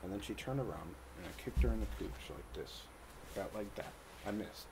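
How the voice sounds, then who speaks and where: A man speaks straight to the camera in a loose, casual monologue. His voice sits low and gravelly, and he keeps circling back over the same words in an agitated way. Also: lively intonation, fairly quick, background noise. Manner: agitated, repeats himself. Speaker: vlogger.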